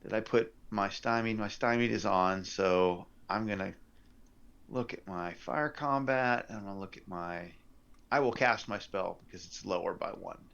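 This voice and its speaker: Brief: male game master, low gravelly drawl, unhurried, muffled lo-fi stream audio. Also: fairly bright tone. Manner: thinks aloud over dice rolls, unhurried. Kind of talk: running a tabletop game. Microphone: headset or desk mic on a live stream.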